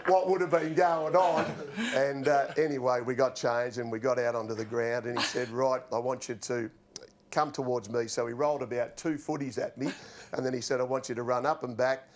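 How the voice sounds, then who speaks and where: A man's voice: mid-range voice, a little fast. Australian man telling footy war stories. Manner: relaxed anecdotal storytelling, laughing at his own stories. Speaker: guest, former footballer. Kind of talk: casual storytelling on a TV panel show.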